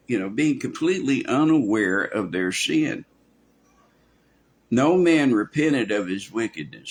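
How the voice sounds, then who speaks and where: A man's voice: on the low side, big pitch swings, unhurried. A man preaching a verse-by-verse sermon in a folksy way, acting out quoted voices, with many restarts. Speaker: pastor. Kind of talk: expository sermon.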